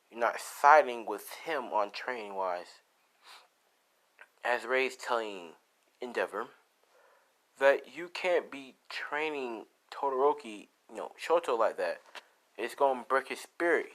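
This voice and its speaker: A man's voice: mid-range voice, fairly bright tone. A man casually improvising a fan story aloud, rambling with restarts, asides and swearing. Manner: rambling, profane, lots of "you know" and restarts.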